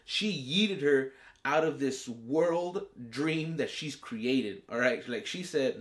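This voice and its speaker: A man's voice: mid-range voice, lively intonation, takes it slowly. A man hosting a casual TV episode review, talking in slang with plenty of swearing and acting out the characters' reactions. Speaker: reviewer and show host.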